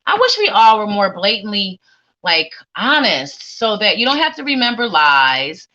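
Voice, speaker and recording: A woman giving a live psychic tarot reading, talking straight to her viewers in a warm, rambling way and repeating her phrases. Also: medium pitch, very animated, normal speed, muffled recording. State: sleepy.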